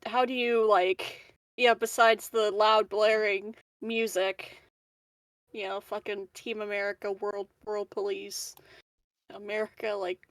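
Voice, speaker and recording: Slow-talking giggly woman game master. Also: mid-range voice, flat delivery, dry recording. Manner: giggly, swears casually. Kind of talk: narrating a tabletop game.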